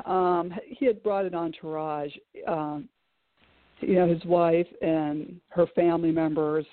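A middle-aged woman, an author guest, telling her personal story in an animated way, with many fillers and restarts. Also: lowish voice, dry recording. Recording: tinny call-like audio, dry.

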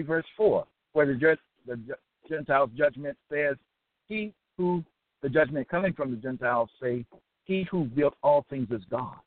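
A man's voice: fairly high pitch, dry recording. Man preaching over a tinny line. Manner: repetitive rhetorical questions, frequent "okay?". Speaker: religious teacher. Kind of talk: preaching lecture. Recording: tinny dry phone-line sound.

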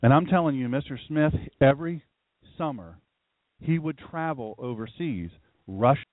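A man's voice: mid-range voice, expressive, normal speed, no room sound. A middle-aged man, a pastor hosting a live radio show, preaching in a conversational way and repeating phrases for emphasis. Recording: dry, tinny phone-line sound.

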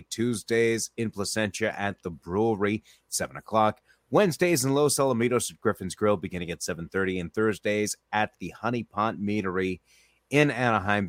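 A man hosting a casual podcast, rambling and chatty, rattling off lists at a quick clip. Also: on the low side, dry recording, clean studio sound. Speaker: podcast host and trivia host.

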